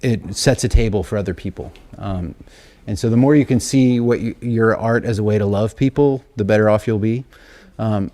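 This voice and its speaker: A man's voice: fairly low pitch, mellow. A middle-aged man, a guest telling a rambling, self-deprecating story on stage before a live audience. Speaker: interview guest, songwriter and author. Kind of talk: live onstage conversation.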